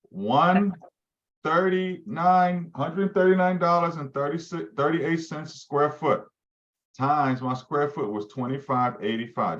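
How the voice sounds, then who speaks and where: Leading his team of real estate agents through a live training, a man with a voice on the high side keeps quizzing the group. The sound quality is lo-fi.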